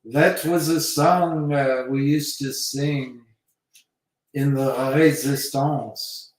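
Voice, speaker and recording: A man voicing a nervous, bumbling French male inspector who talks in halting bits. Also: mid-range voice, fairly even intonation. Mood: flustered. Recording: very echoey room, mic far off.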